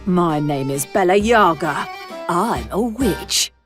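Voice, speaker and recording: An actress voicing a stern, commanding witch in an animated film clip, speaking firmly and measured. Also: on the low side, music in the background.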